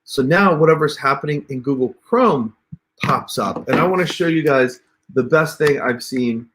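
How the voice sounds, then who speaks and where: A man's voice: mid-range voice, normal speed, fairly bright tone, slight background noise. Chatty man giving a screen-share tutorial. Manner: chatty, addresses viewers as you guys. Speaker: host. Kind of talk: casual livestream software tutorial.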